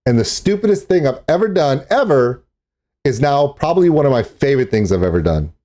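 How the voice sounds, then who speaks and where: Regular-pitched guy rambling through his vlog, jokes at his own expense. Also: sing-song, brisk, mellow. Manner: chatty, self-deprecating. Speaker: vlogger. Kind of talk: casual vlog narration. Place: outdoors in a parking lot.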